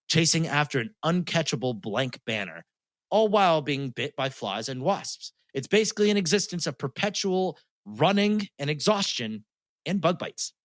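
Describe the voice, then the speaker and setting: A podcast host with a slightly high, fairly bright voice retells a story in casual chat, laughing often and swearing freely. The recording is dry.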